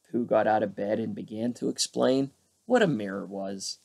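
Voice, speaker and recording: A man reading a children's storybook aloud as a bedtime story, with lively character voices. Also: on the low side, moderate pace, gravelly. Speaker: storybook narrator.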